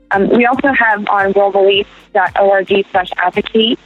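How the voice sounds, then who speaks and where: A woman who leads a refugee charity, explaining earnestly and steadily in an interview. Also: medium pitch. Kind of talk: interview answer. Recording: tinny phone-like line.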